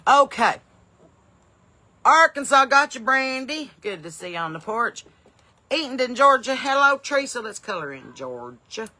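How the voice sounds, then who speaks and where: Woman comedian, crisp and sharp-toned, runs a casual live stream from her porch with an upbeat, folksy flow. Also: high voice, very animated, normal speed. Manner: folksy, upbeat, bursts of loud welcomes between rambling asides. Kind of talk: chatty live-stream greetings to viewers. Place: home porch in the evening.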